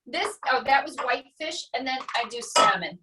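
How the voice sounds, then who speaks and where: High-voiced woman showing a recipe. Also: moderate pace, distant mic, very noisy. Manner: relaxed, explains step by step with many asides. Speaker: guest. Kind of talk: casual cooking demo chat.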